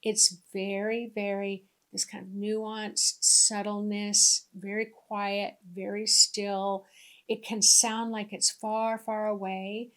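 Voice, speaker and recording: A middle-aged woman leads a spiritual lesson at a very slow, measured pace. Her tone is gentle and unhurried, and she drops into soft asides as she explains. The voice sits in a middle register. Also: medium pitch, level tone. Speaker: spiritual teacher. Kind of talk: instructional spiritual talk.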